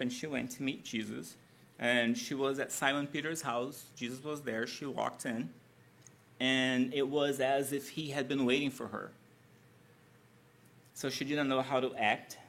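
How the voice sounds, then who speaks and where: A man's voice: mid-range voice, a bit bright, a little hiss or hum. A man preaching a sermon as a conversational retelling of a scripture story, often asking his listeners "right?" as he goes. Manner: conversational, with tag questions.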